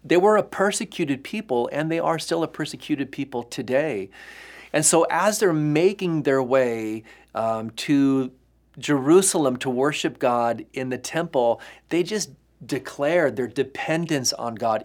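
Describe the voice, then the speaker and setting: A man's voice: mid-range voice, a little slow. Earnest man preaching a podcast sermon. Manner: earnest, emphatic, with frequent fillers and restarts. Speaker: pastor.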